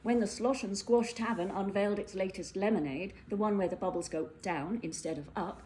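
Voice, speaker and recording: A woman narrates a whimsical fairytale with playful, animated delivery. She slips into little character voices along the way. A faint hiss sits under the recording. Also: mid-range voice, a little fast, rough recording. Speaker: storyteller. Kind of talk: storybook narration.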